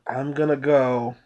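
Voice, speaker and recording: A man's voice: medium pitch, lo-fi sound. A man co-hosting a casual reaction chat, mocking and laughing as he comments. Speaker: co-host reacting to video.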